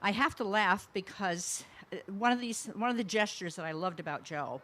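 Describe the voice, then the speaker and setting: A woman's voice: medium pitch, lively intonation, moderate pace, fairly bright tone. A woman speaking at a memorial service, remembering a friend in a reflective, rambling way with fond laughs. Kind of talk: personal eulogy.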